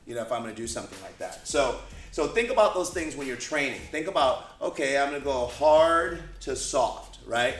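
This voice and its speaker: Dude explaining kicks casually, mid voice, bit of room echo. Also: male voice, medium pitch, animated, a little fast, fairly bright tone. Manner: explanatory, easygoing, uses "you know" and "right". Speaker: co-host martial arts teacher. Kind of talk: casual demonstration lesson. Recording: echoey room.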